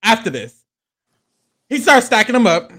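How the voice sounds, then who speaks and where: Animated man, lively recap chat. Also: moderate pace. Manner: animated, playful, acts out people's lines in a high voice. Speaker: podcast co-host recapping a reality show.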